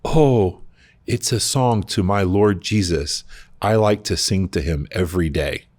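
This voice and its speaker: A man voicing a cheerful, devout male bathroom attendant in a retold travel story, pitched well above his own voice. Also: very animated, moderate pace. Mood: joyful. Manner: beaming, singing, welcoming.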